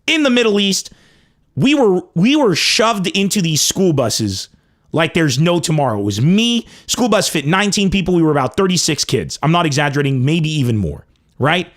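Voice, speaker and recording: A man from Lebanon telling a crude comic story with animated, profane emphasis. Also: fairly high pitch, moderate pace. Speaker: comedian host. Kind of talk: comedic storytelling.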